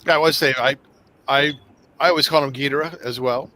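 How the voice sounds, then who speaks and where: A man from the United States, a guest on a livestream, chatting quickly and casually. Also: mid-range voice, steady tone, bright, forceful tone, slight background noise.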